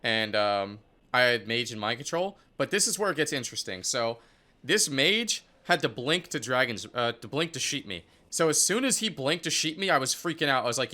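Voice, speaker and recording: A young man giving casual commentary on his own competitive match, excitable and profane, full of "like" and "dude". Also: medium pitch, normal speed. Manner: excitable, profane, filler-heavy talk. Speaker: esports player reviewing his match.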